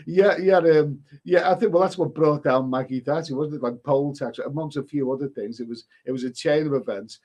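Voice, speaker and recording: A man's voice: a little high, a little fast, hardly any pauses, darkish tone. A man hosting a casual live stream, reading viewer comments aloud and answering them with rambling, chuckling asides and many restarts.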